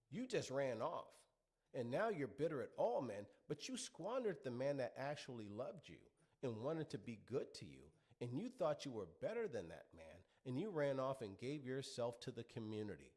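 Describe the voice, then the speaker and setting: A man's voice: mid-range voice, a little mellow, breathy edge. A middle-aged man delivering an opinionated monologue, lecturing his listeners and piling up rhetorical questions. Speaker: commentary show host.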